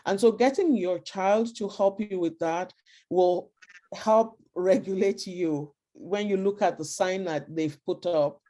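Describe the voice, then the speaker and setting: A woman's voice: mid-range voice, a little slow, warm tone. A woman giving earnest parenting advice in an online talk over a video call, acting out short example quotes. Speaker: guest speaker on parenting.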